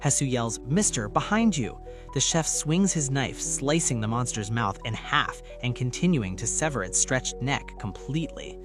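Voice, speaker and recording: Male recap narrator, steady storytelling, mid pitch, faint background music. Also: normal speed, few pauses. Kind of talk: scripted narration.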